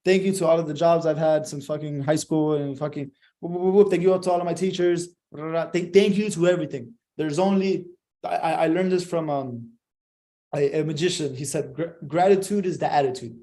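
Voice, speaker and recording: A man's voice: a little high, steady tone, normal speed, dark tone. A young man giving a profane, emphatic motivational monologue, swearing constantly.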